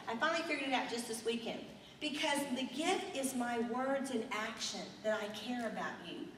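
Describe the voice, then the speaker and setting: A middle-aged woman giving an earnest, animated motivational talk to an audience in a hotel meeting room. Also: a little high, slight background noise. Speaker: sales director speaking at a seminar. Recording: echoey hall recorded from far off.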